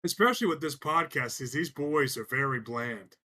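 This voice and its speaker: A man's voice: medium pitch, expressive, normal speed, pushed and bright. A man appearing as a guest on a comedy talk show, searching for words and chiming in with quips. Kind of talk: casual comedic banter.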